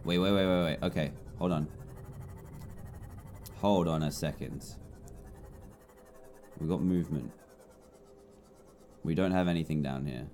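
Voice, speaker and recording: A little slow and pausing often, a twenty-something man from England narrates his gameplay for his YouTube channel over soft background music. His English-accented delivery is chatty and jumpy, alternating low mutters with loud yelps.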